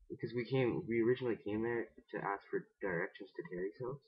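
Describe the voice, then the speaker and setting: A man's voice: fairly low pitch, quick pace, hardly any pauses, breathy edge. A young man telling a rambling, casual story to the camera, full of "like" and restarts, swearing freely, on a laptop mic. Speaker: vlogger. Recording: dull lo-fi webcam audio.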